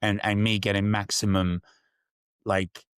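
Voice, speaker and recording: A man's voice: fairly low pitch, flat delivery, a little slow, clear, resonant tone, dry recording, clean studio sound. A man, talking as a podcast guest in a candid, reflective way. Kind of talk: casual interview storytelling.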